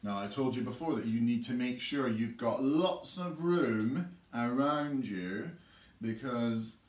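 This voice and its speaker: A man's voice: mid-range voice, expressive, takes it slowly, a little hiss or hum. Male music teacher for a nursery class, sing-song and dramatic, in a roomy space. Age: adult. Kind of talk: children's music lesson with rhymes. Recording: roomy echo.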